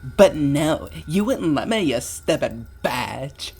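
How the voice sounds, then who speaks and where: A man voicing a furious mother in a put-on German accent, shouting crude insults at her husband. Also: a little high, very animated, takes it slowly, gravelly, husky, heavily acted. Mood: enraged. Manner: shouting, vulgar.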